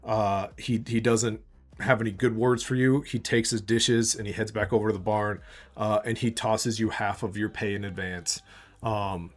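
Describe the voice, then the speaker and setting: A man narrating a tabletop game as game master, relaxed and halting with many fillers. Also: fairly low pitch.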